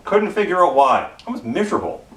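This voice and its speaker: A fairly high, slightly bright voice with big pitch swings and a brisk pace belongs to a middle-aged Canadian pastor. Recorded from afar in an echoing church, he delivers a casual sermon of self-deprecating personal stories, often repeating phrases.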